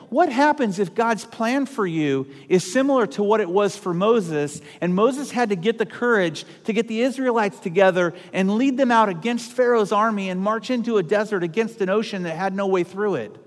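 A middle-aged male pastor preaches in a loose, conversational way, telling stories and restarting his sentences often. His voice sits high for a man. The sound rings with the long reverb of a church sanctuary. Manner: conversational, storytelling with frequent restarts. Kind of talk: sermon.

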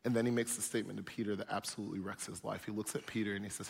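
A man's voice: fairly low pitch, little pitch movement, racing, creaky, few pauses, slightly rough, in a large hall. A man preaching a sermon as pastor, emphatic and repetitive, building in force.

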